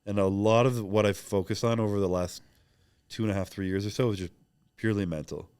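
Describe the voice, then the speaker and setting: Fast-talking young man, reflective guest. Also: fairly low pitch, fairly even intonation, darkish tone, smooth, dry recording. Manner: open, reflective, rambling with many fillers. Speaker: podcast guest. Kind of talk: casual interview chat.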